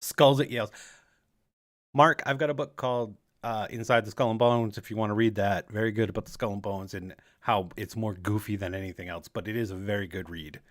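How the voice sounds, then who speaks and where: A man's voice: fairly low pitch, fairly even intonation, a little fast. An American man co-hosting a podcast, rambling through a casual conspiracy chat with jokey asides. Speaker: podcast co-host.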